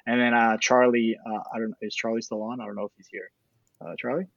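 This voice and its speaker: A man's voice: mid-range voice, level tone, quick pace, vocal fry, no room sound, lo-fi sound. A man telling a behind-the-scenes filmmaking story in a casual interview, rambling with lots of fillers and restarts. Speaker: documentary filmmaker guest.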